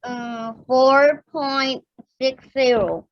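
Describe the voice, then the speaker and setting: A woman student answers math questions very slowly and hesitantly, in a somewhat high voice. The sound is dry and close, with a slightly dull, muffled tone. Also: steady tone, dry recording.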